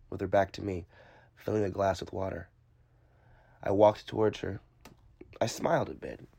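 Low-voiced man narrating a horror tale. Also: darkish tone, dry recording. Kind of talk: first-person horror audio drama narration. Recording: music bed under the narration.

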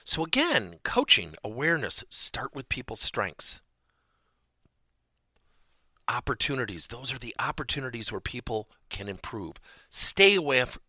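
A man hosting a podcast lesson on workplace coaching, animated and repeating his key points for emphasis. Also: fairly low pitch, unhurried, dry recording, clean studio sound.

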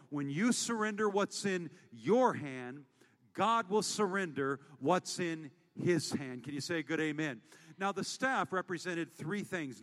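An American pastor preaches a sermon, moving between hushed storytelling and loud, rallying calls to the congregation. His pitch is fairly high, and the sound carries a big-room quality.

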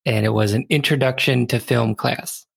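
A man's voice: medium pitch, fairly even intonation, normal speed, vocal fry, husky, dry recording. A man in his thirties co-hosting a podcast, casually chatting about a movie, laughing often and quoting lines in silly voices. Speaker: podcast co-host. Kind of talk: casual chat reviewing a movie.

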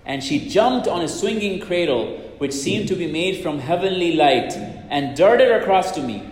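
A man's voice: on the high side, expressive, a little slow, few pauses. A man preaching and retelling a religious story in an earnest way, often repeating himself as he goes. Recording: echoey hall with long reverb.

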